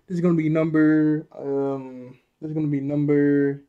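A man's voice: on the high side, fairly even intonation, moderate pace, hardly any pauses, mellow. A young man hosting his own video, casually retelling an anime scene in a rambling, chatty way with restarts and laughs. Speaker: anime vlog host.

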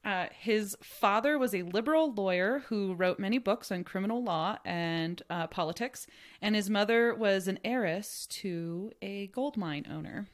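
A woman's voice: medium pitch, measured pace. A woman hosting a casual podcast chat, laughing often and using lots of fillers as she tells the story. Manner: giggly, chatty, lots of fillers. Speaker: podcast host presenting the topic.

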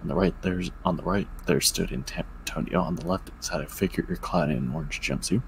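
Casual male reader with a low, gravelly voice; stumbles and jokes between lines. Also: brisk, background noise. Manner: joking asides, stumbles on words. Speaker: story reader. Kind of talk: reading a fan-written story aloud.

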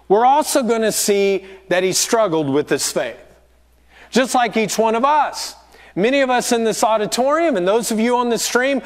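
High, lively male pastor preaching. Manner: storytelling, acting out quoted voices. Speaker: lead pastor. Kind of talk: sermon. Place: church auditorium.

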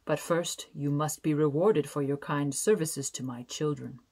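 A wise old tomcat from a bedtime storybook, sensible and kind, speaking in a low, slightly husky voice, as a woman reading aloud puts him on. He talks slowly and gently, like a caring father to his colony. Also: exaggerated voice. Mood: kindly. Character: wise old male cat, kindly and sensible.

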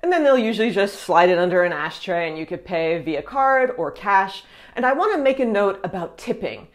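A woman's voice: medium pitch, expressive, a little fast. Chatty woman giving travel tips. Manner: friendly, chatty tips with French phrases. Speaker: travel vlogger. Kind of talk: casual explainer vlog.

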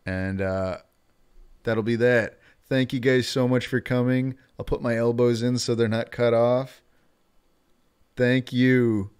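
A man's voice: medium pitch, steady tone, takes it slowly, a little mellow, smooth. A male streamer wrapping up a live stream in casual, self-mocking chat, his throat a little strained. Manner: reads viewer messages aloud in exaggerated put-on voices.

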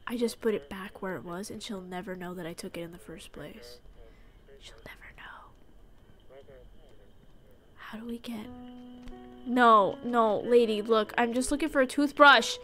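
A woman streamer giving playful, chatty commentary while she plays a game, going from sudden yelps to hushed whispers. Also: fairly high pitch, normal speed, soft background music. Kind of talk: casual gameplay commentary.

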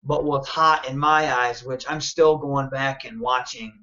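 A man from Michigan, a wrestler and interview guest, talking in an animated, confident, self-promoting way and often checking in with "you know what I mean.". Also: mid-range voice, a little slow, dull audio. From Michigan, United States. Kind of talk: casual interview talk.

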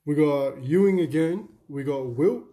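A man's voice: fairly high pitch, unhurried, warm tone. A young Australian man co-hosting a card-opening video, casually reeling off card names and swearing through the banter. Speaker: card-break co-host.

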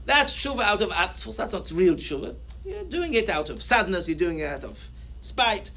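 A man teaching as a rabbi, his voice pitched high and bright. He quotes Hebrew sources and unpacks each one in English. He talks in an animated way and acts out people's reactions. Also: fairly quick. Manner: reads Hebrew sources aloud, then explains them in English. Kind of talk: Torah talk to a congregation.

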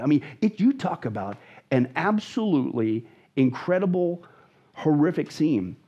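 A man's voice: a little high, very animated, moderate pace, husky, dull audio. A man, a pastor, teaching emphatically and dramatically about scripture as a guest in a conversation, repeating phrases for stress. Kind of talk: animated Bible teaching in conversation.

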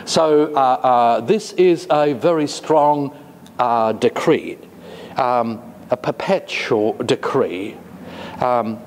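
A man giving a classroom lecture, talking slowly and hesitantly with many fillers and asides. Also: mid-range voice, a little mellow. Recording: long reverb, faint noise.

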